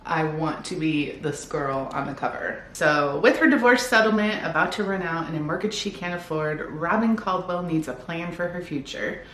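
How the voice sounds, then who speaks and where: A woman's voice: low voice, moderate pace, hardly any pauses, fairly bright tone. Chatty woman in an echoey room. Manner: chatty, upbeat, reads back-cover blurbs aloud. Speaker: book vlogger. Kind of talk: casual book haul chat. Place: home room with bookshelves. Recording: echoey room, faint background noise.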